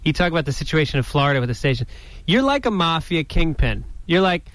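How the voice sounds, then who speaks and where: A man's voice: on the high side, big pitch swings, fast talker, fairly bright tone, no echo. A man appearing as a guest comedian on a radio talk show, joking in a self-deprecating way. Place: radio studio.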